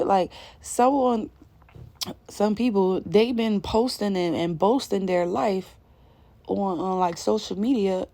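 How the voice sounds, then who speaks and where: A woman's voice: medium pitch, slow pace, mellow, no room sound. A woman delivering an intuitive spiritual message to her viewers, in emphatic, casual, slangy talk that repeats its points. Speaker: spiritual reader.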